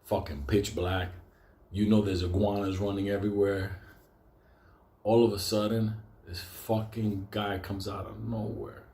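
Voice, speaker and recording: A man with a New York accent telling a wild story with constant swearing, getting loud and excited at the scary parts. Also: lowish voice, measured pace, echoey room. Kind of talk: profane comic storytelling.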